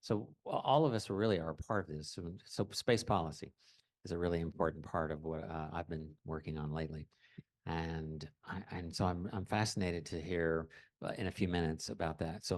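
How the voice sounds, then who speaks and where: A man moderating a panel, stopping and restarting often as he hands over to guests. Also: sits low. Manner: halting, many fillers and restarts.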